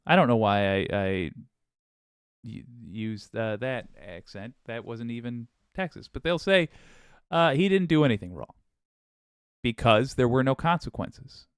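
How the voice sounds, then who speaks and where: A man's voice: mid-range voice, unhurried, clean tone, no room sound, studio quality. A man hosting a political podcast, talking casually with wry asides and frequent restarts. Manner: chatty, wry, with laughs and restarts. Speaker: podcast host.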